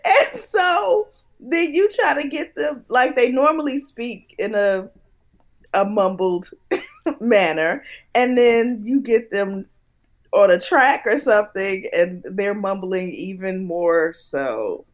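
A woman co-hosting a casual chat, talking in a drawn-out way with laughing asides. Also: medium pitch, lively intonation.

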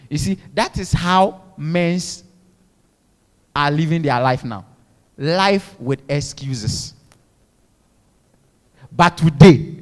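A man's voice: fairly high pitch, takes it slowly, long pauses, big-room sound. A male pastor preaching a fervent sermon in a church, calling on the congregation to repeat after him. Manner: fervent preaching with call-and-response exhortations.

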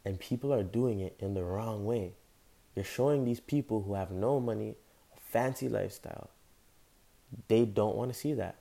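Young man, motivational monologue, gravelly, mellow dark tone, impassioned and rambling. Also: lowish voice, moderate pace. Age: young adult. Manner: impassioned, rambling, casual slang. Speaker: podcast host.

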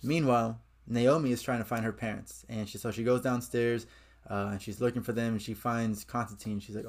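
A man's voice: mid-range voice, fairly even intonation, brisk. A man talks through a comic book review in a loose, conversational way. He recaps the plot and keeps adding his own opinions as he goes.

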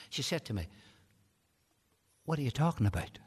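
A man's voice: medium pitch, expressive, a little fast, pauses often, slightly rough. A man preaching an evangelistic sermon, telling a story with rising passion. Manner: impassioned, building to shouted climaxes. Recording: long hall reverb.

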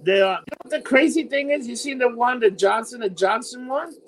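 A man from New York talking in an animated, profane way in a casual chat, often calling his friend "dude". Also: very high voice, fairly quick, a little hiss or hum, poor audio.

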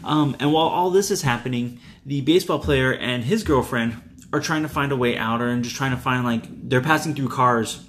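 A man co-hosting a podcast, recapping a movie in casual chat, animated and a bit crude. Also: medium pitch, a little hiss or hum. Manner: animated, swearing, playful voices in retellings. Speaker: podcast co-host.

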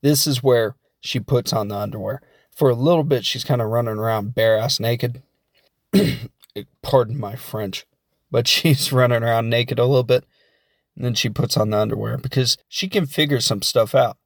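A man talking through a movie recap in a loose, rambling way, tossing in jokey asides as he goes. His voice sits at an ordinary middle pitch. It is recorded close and dry, with no room sound around it. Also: no echo. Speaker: film reviewer. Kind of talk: casual spoken film recap.

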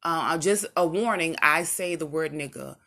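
A woman with a voice on the lower side talks straight to her viewers, casual and rambling as she tells personal stories. She wanders off track, circles back, and slips into acted-out lines of what others said. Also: moderate pace. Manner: rambling, conversational, loses her track and restarts; animated, acts out what others said. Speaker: vlogger. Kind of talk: casual personal storytelling to camera.

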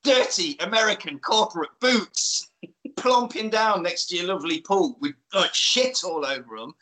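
A man's voice: sits high, animated, moderate pace, sharp tone, poor audio. A man casually recapping an action film for friends, playfully acting out characters' lines as he goes. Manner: playful storyteller, acts out film lines in put-on voices. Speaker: podcast host recapping a film.

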